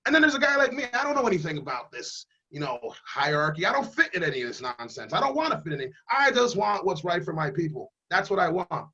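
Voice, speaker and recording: A man's voice: high-pitched, sing-song, quick pace, hardly any pauses, pushed and bright, slightly rough, highs cut off. A man running for Congress who speaks emphatically and bluntly in a casual interview over a video call. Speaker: congressional candidate.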